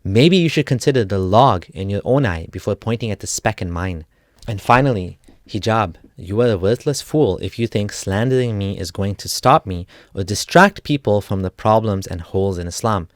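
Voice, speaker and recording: A man with a somewhat low voice argues point by point, cutting and sarcastic. The recording is dry and close, with no room sound. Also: expressive, normal speed, no room sound. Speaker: ex-Muslim YouTuber. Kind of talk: argumentative response monologue.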